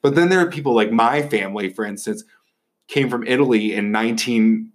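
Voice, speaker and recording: A man's voice: medium pitch, a little fast. A young man from Northeast Ohio hosting a casual chat, rambling and sarcastic, swearing freely. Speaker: host.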